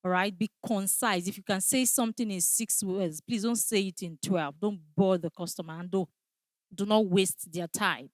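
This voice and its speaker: A woman's voice: mid-range voice, steady tone, normal speed, no room sound. Emphatic woman trainer, dry close sound. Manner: emphatic, repeats key phrases, checks in with "all right?". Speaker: customer service trainer. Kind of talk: training lecture.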